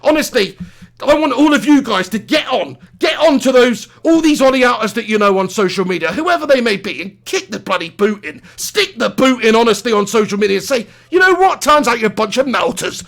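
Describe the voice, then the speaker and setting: Man, high voice, gravelly edge, passionate fan live stream, home studio. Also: lively intonation, a little fast. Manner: passionate, ranting, swears freely, reads out viewer messages. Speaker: live-stream host reacting to a football match.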